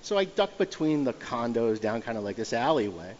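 Animated storytelling man, echoey and dull. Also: medium pitch, fairly quick, a little hiss or hum. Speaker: guest storyteller. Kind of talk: casual podcast chat. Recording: dull sound in a reverberant room.

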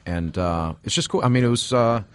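A man's voice: medium pitch, brisk, clean tone, dry recording. A man who is a guest on a radio show, talking playfully and with enthusiasm about his work. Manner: playful, enthusiastic, repeats himself for laughs. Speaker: cigar maker guest. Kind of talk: casual radio interview.

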